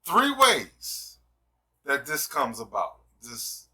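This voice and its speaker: A man talks in an emphatic, preaching manner with a very bright, forceful tone. He keeps checking in with his listener as he builds his points. His voice sounds a little far from the mic. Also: medium pitch, wildly swooping pitch, drawn-out words. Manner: emphatic, repeats "you see what I'm saying". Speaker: host. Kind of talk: casual discussion, preacher-like.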